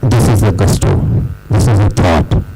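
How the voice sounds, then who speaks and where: A middle-aged man with an Indian accent giving a formal closing speech at a school debate event, lecturing with emphatic pauses and stresses. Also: lowish voice, dark tone, breathy edge, faint music behind, rough recording. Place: school hall.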